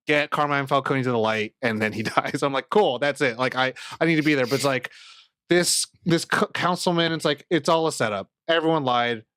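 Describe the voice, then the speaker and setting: A man's voice: a little high, fairly bright tone, no echo, clean studio sound. A man co-hosting a podcast in casual chat, rambling and swearing as he acts out scenes in quoted voices. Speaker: podcast co-host.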